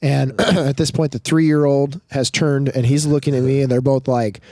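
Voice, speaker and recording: A man's voice: medium pitch, fairly even intonation, moderate pace, dark tone, no room sound, clean studio sound. A man in his thirties on a podcast, telling a family story and acting out his kids' lines. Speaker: podcast co-host. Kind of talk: casual storytelling chat.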